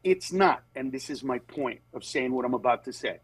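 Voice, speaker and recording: A man who works as a comedian, telling candid stories in conversation and moving between animated voices and earnest, steady points. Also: mid-range voice, normal speed, slightly rough, no echo, poor audio. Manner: animated, jumps into voices of other people mid-story. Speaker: comedian guest.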